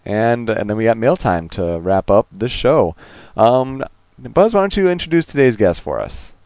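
A man co-hosting a casual gaming podcast rambles along in a relaxed way, with plenty of ums, uhs and other fillers. His voice is medium-pitched and moderately paced, and there is no room sound.

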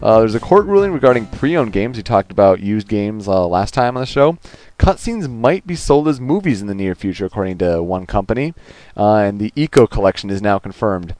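A relaxed man co-hosts a gaming news podcast, his fairly low voice drifting through filler words. The sound is dry and close, with no room around it. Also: a little fast, no room sound, soft background music. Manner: relaxed, rambling with many fillers. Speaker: podcast co-host. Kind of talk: casual gaming podcast chat.

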